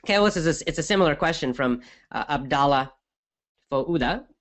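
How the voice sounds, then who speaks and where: A middle-aged English teacher fields listener questions on his podcast, talking energetically and emphatically in a conversational style. His voice sits a little high and his delivery is brisk.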